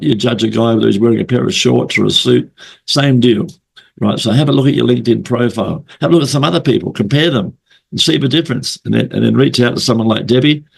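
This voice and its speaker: A man hosting a casual remote interview, hoarse from a flu, chatty and rambling, often repeating himself. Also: mid-range voice. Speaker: interview host. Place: at home late at night, remote call.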